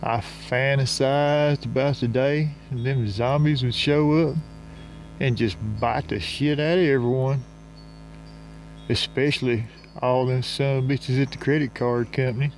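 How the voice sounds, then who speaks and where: A man narrating a comic story in folksy rural slang, drawling and unhurried. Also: mid-range voice, fairly even intonation, a little hiss or hum.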